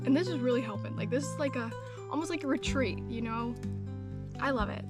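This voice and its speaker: A woman's voice: high-pitched, a little fast. A young woman vlogging casually outdoors on a hiking trip, talking candidly with lots of fillers. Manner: chatty, filler-heavy, candid and upbeat. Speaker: travel vlogger. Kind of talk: casual vlog talk to camera. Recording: with loud background music.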